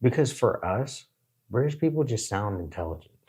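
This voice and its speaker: A man's voice: lowish voice, normal speed, breathy edge. An American man hosting a reaction video, chatting casually and rambling with lots of fillers. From United States. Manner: rambling, animated, many fillers and restarts. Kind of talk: casual chat.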